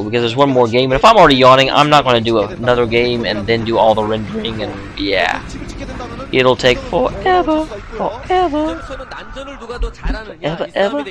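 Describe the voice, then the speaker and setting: A sleepy man, yawning late at night, giving casual play-by-play commentary on a game, chatty and full of joking asides. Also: mid-range voice.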